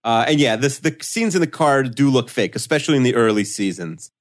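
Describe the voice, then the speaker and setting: A man with a mid-range voice trades dry, wry comments as a podcast co-host in an easy, casual chat. He fills pauses with "uh" and "you know" as he goes. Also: mid-range voice, lively intonation.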